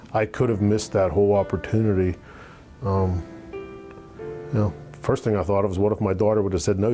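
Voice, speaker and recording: A middle-aged man giving a halting testimonial in an interview, with many fillers and restarts. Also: lowish voice, mellow. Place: office. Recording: guitar music playing clearly underneath.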